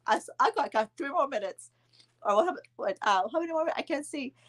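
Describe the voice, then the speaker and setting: A woman in her thirties casually telling a vacation story to her viewers, chatting along with their comments and filling pauses with "um". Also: high-pitched, lively intonation, fairly bright tone. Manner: chatty, answers viewer comments, frequent ums and laughs. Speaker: vlog host telling a story to live viewers.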